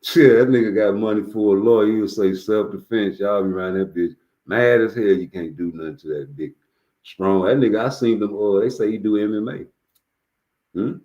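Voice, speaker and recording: A man's voice: fairly low pitch, moderate pace, mellow, dull audio. A man hosting a livestream, telling a story in loose, profane, rambling street talk. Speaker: livestream host.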